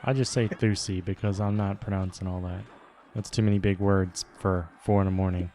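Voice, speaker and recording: A man chatting casually with a friend while they play an online game together, making dry, deadpan jokes. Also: low-pitched, a little fast, slight background noise. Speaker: gaming partner on stream. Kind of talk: casual chat while gaming.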